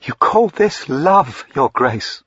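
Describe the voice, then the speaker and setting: A man voicing a frightened but defiant young noblewoman who cries out in a high, strained voice in a period story reading. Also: lively intonation, slow, sharp tone, slightly rough, no echo, full character voice. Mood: scornful. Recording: dull lo-fi recording.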